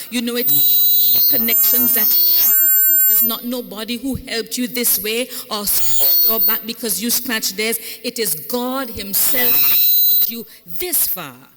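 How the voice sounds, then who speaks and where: A woman's voice: medium pitch, very noisy. A woman pastor preaching a sermon, calling out to the congregation and lifting into fervent, sung phrases. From Saint Vincent and the Grenadines. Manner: call-and-response preaching, rising into fervent sung cadences. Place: large church sanctuary. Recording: echoey church hall.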